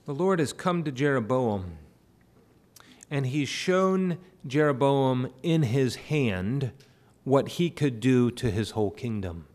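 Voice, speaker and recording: A man's voice: mid-range voice, lively intonation, slow pace, darkish tone. A male pastor preaching a sermon in a church. He works verse by verse through a Bible passage and rises to impassioned pleading. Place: church sanctuary.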